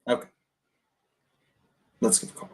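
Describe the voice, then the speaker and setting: A man casually coaching people on cold calling between phone calls, often tagging his points with a quick "right?". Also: a little mellow. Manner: conversational, keeps adding "right?". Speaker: real estate wholesaling coach.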